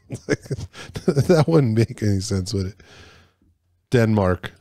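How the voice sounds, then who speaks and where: A man's voice: lowish voice, expressive, drawn-out words, dark tone, no room sound. A man hosting a casual podcast, reading trivia questions aloud in a loose, joking way with stumbles and swearing.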